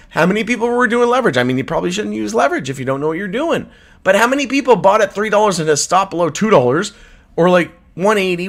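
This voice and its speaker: A crypto livestream host with a Canadian accent and a voice a little high for a man rants angrily, swearing hard. His pitch leaps high and drops away in wild swings as he moves from shouting to low mutters.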